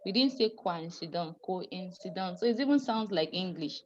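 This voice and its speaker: A woman's voice: fairly high pitch, expressive, quick pace, highs cut off, a little hiss or hum. Patient woman teaching an online class. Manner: patient, apologetic, laughs often, addresses students as dear. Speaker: French pronunciation teacher.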